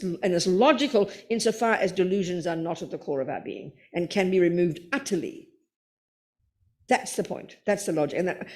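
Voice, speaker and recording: A woman's voice: lowish voice, a little mellow. An older woman, a Buddhist nun, giving a Dharma talk and answering questions in a blunt, playful way, calling people darling.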